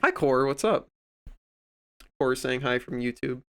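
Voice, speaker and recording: Male streamer, casual rambling chat, profane, smooth clean tone. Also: mid-range voice, lively intonation, measured pace, fairly bright tone. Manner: rambling, profane, acts out others in quoted voices.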